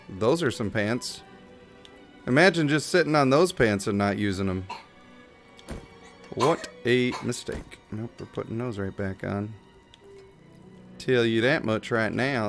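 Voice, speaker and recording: A man live-streaming a game, chatting and joking casually and slipping into silly voices. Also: on the low side. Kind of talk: casual gameplay commentary. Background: game music.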